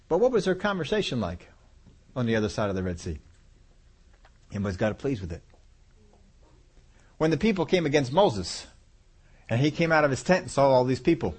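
Lively high-voiced preacher man. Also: breathy edge. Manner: animated, acts out voices of God and people, chuckling. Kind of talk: sermon.

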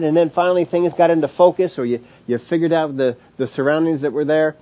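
A man teaching a sermon series on scripture, explaining word meanings emphatically, stretching key words slowly and chuckling between points. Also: on the high side, mellow, lo-fi sound. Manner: explanatory, emphatic, with slow drawn-out stresses on key words and frequent restarts. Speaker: Bible teacher.

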